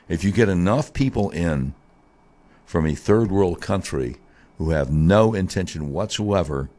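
A man hosts talk radio, delivering a monologue that swings between a low grumble and high, mocking tones. His voice has a darkish tone.

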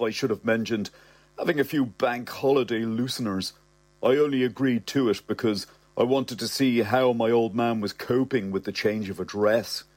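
A man's voice: mid-range voice, a little mellow, no room sound. A young man reading a comic story aloud in the first person, cocky and sardonic, full of wisecracks. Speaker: narrator.

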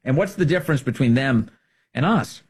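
Middle-aged male commentator: slightly raspy, lively up-and-down delivery, punchy and combative. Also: medium pitch, normal speed. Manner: emphatic, combative, swings between loud and hushed. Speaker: political commentator. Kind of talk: political commentary monologue.

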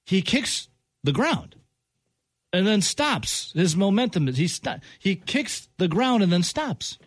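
A man's voice: sits high, big pitch swings, slow pace, dry recording. A male sports talk host in an exasperated rant, hammering the same point over and over. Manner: exasperated, repeats points with emphasis.

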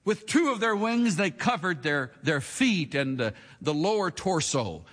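A man preaching a sermon with dramatic delivery, moving from hushed lines to shouts. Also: a little high, very animated, a little slow, in a large hall. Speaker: pastor.

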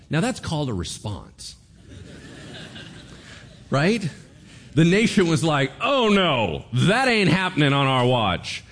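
A man preaching a sermon, telling a story with acted-out voices and firing off rhetorical questions. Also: medium pitch. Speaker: pastor.

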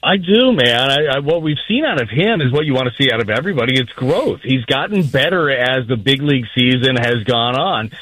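A man talking on sports radio as a guest baseball analyst, energetic and conversational. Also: mid-range voice, fairly quick, hardly any pauses, dry recording, low-quality recording. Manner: energetic, conversational, fluent breakdowns.

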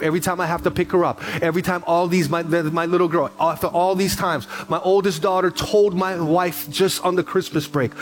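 A man in his forties preaching a sermon as pastor, telling a personal story with quick asides and repeated phrases. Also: fairly high pitch, slight background noise.

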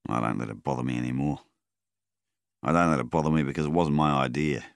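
A man's voice: a bass voice, fast talker, gravelly, smooth, dry recording, studio quality. A man voicing a bitter, defensive war veteran, speaking coldly and curtly in an audiobook. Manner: hard, clipped, spitting.

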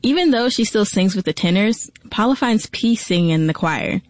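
A woman radio reporter narrating a feature story in a measured, even way. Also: medium pitch, dry recording. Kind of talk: scripted narration.

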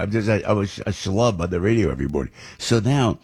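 A deep-voiced man hosts a morning radio show from a studio. He rambles from story to story and acts out the people he quotes, stumbling over restarts. His voice is husky and the sound is dry and close. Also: lively intonation, fast talker, a little mellow, dry recording. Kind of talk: casual radio talk.

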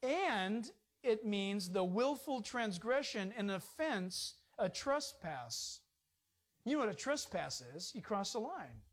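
A middle-aged man preaching a sermon as pastor, animated and emphatic, with rising emphasis. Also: sits high, slow.

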